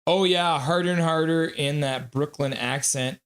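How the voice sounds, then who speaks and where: A man's voice: fairly high pitch, lively intonation, unhurried, hardly any pauses. A man casually calling a hockey game play-by-play on a live stream, reading chat and laughing along. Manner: chatty, reads chat messages aloud, laughs often.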